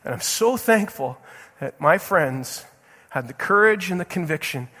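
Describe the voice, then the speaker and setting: Guy pastor preaching in a church, fired up, high voice, stumbles on his words, long echo from the hall. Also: animated, measured pace, pushed and bright, slightly rough. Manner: impassioned preaching, urgent questions to the congregation; stumbling restarts and repeated words. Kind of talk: sermon. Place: church sanctuary. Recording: long reverb of a large hall.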